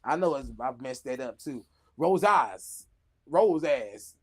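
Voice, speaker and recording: A man's voice: mid-range voice, animated, slow pace, breathy edge. A man hosting a casual news show, reading stories aloud with jokes, laughing and stumbling over names. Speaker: show host.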